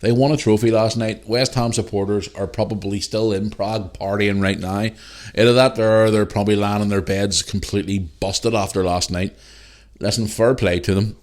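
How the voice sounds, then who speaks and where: A man's voice: fairly low pitch, fairly even intonation, normal speed, darkish tone. A man hosting his own podcast, ranting heatedly and swearing, with lots of repeated phrases. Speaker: podcast host. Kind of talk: solo podcast rant.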